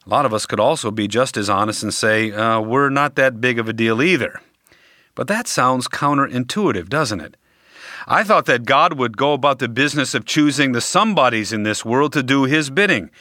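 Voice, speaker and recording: A man preaching a sermon, speaking deliberately and emphatically with dramatic pauses. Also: medium pitch, lively intonation, bright, forceful tone, no room sound, studio quality.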